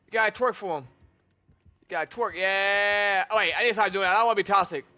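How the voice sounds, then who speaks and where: Male streamer, very high and piercing voice, chatty and teasing in casual gameplay commentary. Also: fast talker, pushed and bright. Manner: chatty, teasing taunts at opponents. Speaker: gamer streamer.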